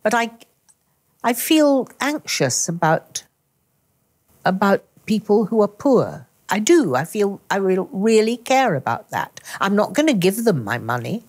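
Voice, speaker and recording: An older woman with a Glasgow Scottish accent, an actress talking in an interview, carefully enunciating and finishing every word with a crisp snap. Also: mid-range voice, very animated. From Britain. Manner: crisp, deliberate enunciation with emphatic word endings. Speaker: actress and author, interview guest. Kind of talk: conversational interview.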